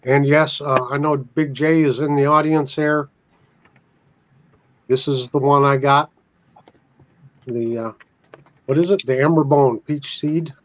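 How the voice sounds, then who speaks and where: A man's voice: on the high side, fairly even intonation, unhurried, long pauses, fairly bright tone, lo-fi sound. A man joining a casual live chat as a guest, joking and laid-back.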